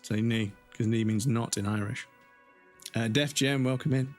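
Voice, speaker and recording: A man's voice: medium pitch, fairly even intonation, normal speed, faint music behind. A man chatting casually while streaming a game, rambling and swearing freely.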